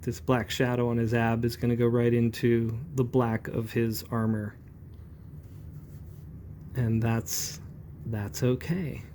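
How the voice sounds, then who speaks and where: A man in his forties talks calmly while he demonstrates brush inking, rambling a little as he works. His voice sits at an ordinary pitch and sounds mellow and warm. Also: slight background noise. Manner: relaxed, rambling, calm and chatty. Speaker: comic book inker.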